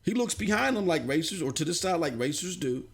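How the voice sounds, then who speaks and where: Animated man ranting on a live stream. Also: fairly quick, gravelly, slightly rough. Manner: animated, ranting, swings from low muttering to shouting; slangy, casual. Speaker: gaming news streamer.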